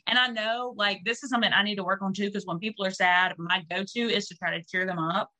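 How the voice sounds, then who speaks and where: A woman's voice: medium pitch, fairly even intonation, quick pace, pushed and bright. A woman co-hosting a casual podcast chat, joking and candid, swearing freely.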